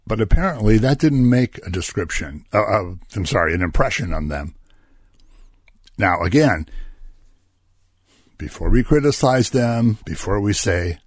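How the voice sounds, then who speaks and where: A man's voice: lowish voice, lively intonation, normal speed, breathy edge, dry recording, studio quality. A man preaching a Bible-study sermon in a conversational way, asking rhetorical questions and chuckling between points.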